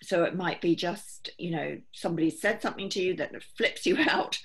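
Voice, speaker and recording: A woman's voice: lowish voice, fairly quick, fairly bright tone, husky. A middle-aged woman, a holistic therapist, explaining earnestly and steadily in an interview, often voicing what her clients think.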